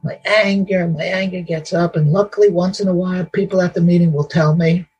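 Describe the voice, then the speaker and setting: A man's voice: sits high, fairly even intonation, fairly quick, a little mellow, breathy edge, muffled recording. A man giving a share at a recovery meeting, blunt and emphatic, repeating his points and laughing at himself. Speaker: meeting member sharing.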